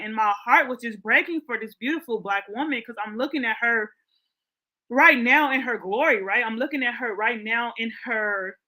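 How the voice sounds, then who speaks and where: Woman, 40s, love coach host; bright, slightly high voice; earnest, rambling, casual motivational storytelling. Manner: heartfelt, rambling, heavy use of "like".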